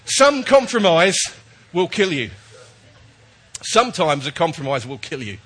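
A man's voice: fairly high pitch, very animated, unhurried, fairly bright tone, slightly rough. A man preaching a chatty, jokey sermon while he has a cold, often checking in with his listeners.

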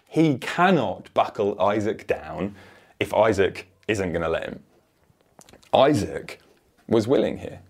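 Man, sermon, earnest and emphatic, lowish voice. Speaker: preacher.

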